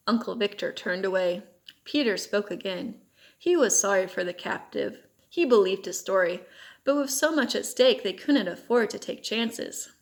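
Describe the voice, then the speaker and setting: A woman narrates a children's novel in a steady, measured reading voice. Her pitch sits in an ordinary middle range for a woman. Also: vocal fry. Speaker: audiobook reader. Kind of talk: audiobook narration.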